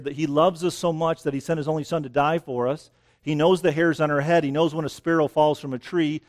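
Near dense greenery outside, a man whose voice sits on the high side with a darkish tone preaches a sermon. His style is conversational and slightly breathless, peppered with "right?" to check in with the crowd.

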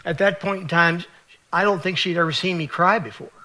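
A man's voice: sits high, brisk, bright, forceful tone. A man from West Virginia telling his personal faith testimony in an earnest, confessional storytelling manner. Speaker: speaker sharing his testimony.

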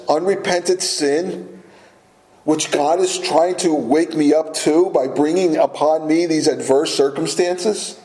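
A man's voice: a little high, vocal fry, mellow, roomy sound, rough recording. A man preaching a sermon as a pastor, earnest and repeating key phrases for emphasis.

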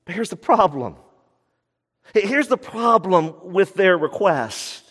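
A man preaching a sermon as pastor, animated and laughing as he acts out the people he quotes. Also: high-pitched, takes it slowly. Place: church sanctuary. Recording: church hall reverb.

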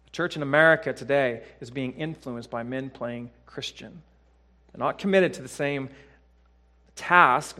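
A pastor with a medium-pitched voice preaches a sermon in church, dropping into hushed tones before building to loud, emphatic peaks. He uses repeated phrases and rhetorical questions.

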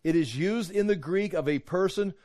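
A man's voice: sits high, normal speed, darkish tone, no room sound, clean studio sound. A man teaching a Bible study, walking through verses and Greek words and acting out quoted voices and rhetorical questions.

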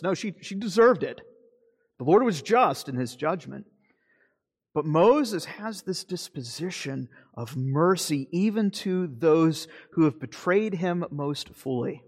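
Earnest preacher in an echoing church. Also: male voice, on the high side, expressive. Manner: earnest preaching, shifting between slow emphasis and quick asides. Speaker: pastor. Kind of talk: sermon.

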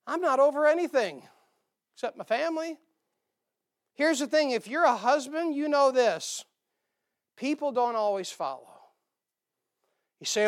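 A male pastor preaching a sermon, animated, acting out quoted voices and dropping into quiet asides. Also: very high voice, measured pace, pauses often.

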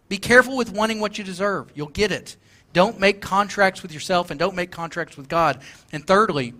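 A man's voice: high-pitched, bright, forceful tone. A male pastor preaching a sermon, earnest and emphatic, repeating his key points.

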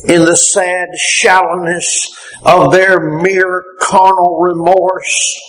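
A man preaching a fervent sermon, repeatedly rising into impassioned shouts. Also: high voice, low-quality recording.

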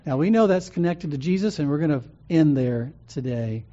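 A man's voice: a little high, lively intonation, moderate pace, warm tone. A man preaching a sermon as pastor, teaching in a conversational way with frequent ums and restarts. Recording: muffled lo-fi sound.

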